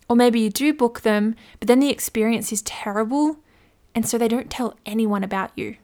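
Aussie woman podcast host, playful, acts out bits, voice a bit high. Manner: chatty, playful, acts out little scenes. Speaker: podcast host, business coach. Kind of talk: solo podcast advice talk.

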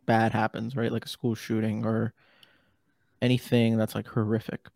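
A man's voice: lowish voice, completely flat delivery, normal speed, vocal fry, a little mellow, no room sound, clean studio sound. A man hosting a casual podcast conversation, talking in a rambling way with many fillers and restarts. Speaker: podcast host.

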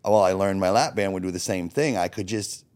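A man's voice: sits low, a little fast, darkish tone. A man in his forties telling his own story as a podcast guest, blunt and profane, acting out his past thoughts as quotes. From Florida. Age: 40s. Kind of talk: candid personal storytelling.

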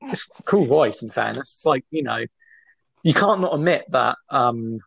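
A man co-hosting a podcast in casual chat, joking and quick to laugh. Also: mid-range voice, expressive, gravelly, fairly bright tone, no room sound. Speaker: podcast co-host.

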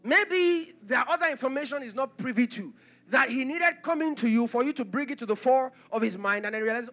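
Male pastor, high lively voice, bright, passionate sermon delivery, soft music underneath. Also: a little fast. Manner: impassioned preaching, rising to shouts, with acted asides.

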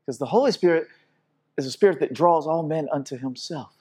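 A man preaching a sermon with impassioned delivery, repeating words and restarting phrases, swinging between loud exhortation and quiet intensity. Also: fairly high pitch, fairly quick, husky.

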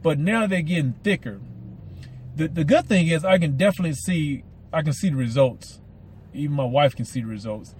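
A man's voice: fairly high pitch, expressive, a little fast, darkish tone. Southern guy rambling on his podcast, bit of a lisp, cars and street noise going by behind. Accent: Southern American. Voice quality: slight lisp from mouth aligners. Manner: rambling, repeats words, enthusiastic. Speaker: podcast host. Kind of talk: casual solo podcast monologue.

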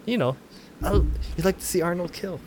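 A man's voice: high voice, fairly quick, darkish tone. A man co-hosting a podcast in casual chat, laid-back and rambling as he talks. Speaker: podcast co-host.

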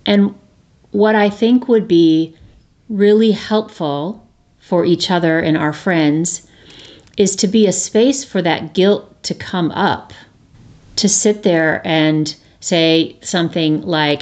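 Low-voiced woman musing earnestly. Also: takes it slowly, darkish tone. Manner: earnest, conversational, with frequent restarts and rhetorical "right?". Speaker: podcast host. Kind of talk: reflective solo talk.

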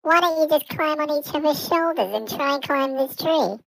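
A polite, hesitant little British baby, as a player puts him on hedges in a high voice with heavy vocal fry. The sound is dry and close-up. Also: moderate pace, fairly bright tone, no room sound, low-quality recording. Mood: wry. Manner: hesitant, full of ums, dry understatement. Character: overly polite British baby, mildly sly.

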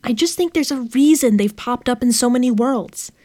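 An actress playing a curious young librarian who keeps lists of creatures, speaking eagerly and persistently. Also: female voice, fairly high pitch, moderate pace, dark tone, close to an everyday voice. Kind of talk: audio drama dialogue.

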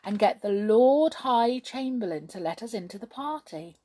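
A woman voicing an excitable little male brownie in a storybook reading. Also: fairly high pitch, normal speed. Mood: excited.

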